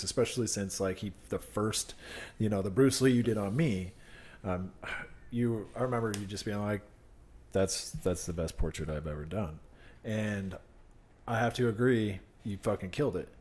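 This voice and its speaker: A man hosting a podcast, telling stories in casual chat, swearing freely and acting out quoted people loudly. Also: on the low side, normal speed, husky. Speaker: podcast host.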